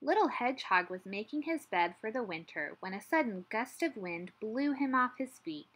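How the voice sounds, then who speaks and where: A woman teacher reading a picture book aloud with gentle, expressive storytelling. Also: on the high side, moderate pace, slightly rough.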